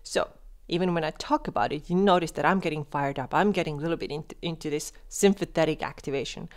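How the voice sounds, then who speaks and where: A woman hosting a coaching podcast, speaking directly to the listener and shifting between quick animated talk and slow, soft, calm delivery. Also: deep voice. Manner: addresses listener directly with questions. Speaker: podcast host and wellness coach.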